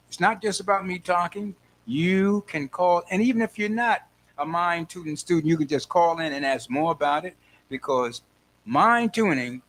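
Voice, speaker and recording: An older man with a New York accent hosts a call-in show, riffing in a loose, playful monologue full of mock quotes and chuckles. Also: a little high. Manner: animated, playful storytelling with laughs and mock quotes. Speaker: host. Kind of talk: casual radio-style monologue.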